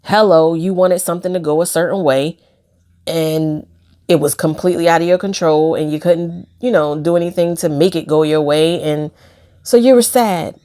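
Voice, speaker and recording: A woman with a low voice speaks at a moderate pace in a reflective vlog. She's soft-spoken and hesitant, filling pauses often and giving small laughs as she discusses pain.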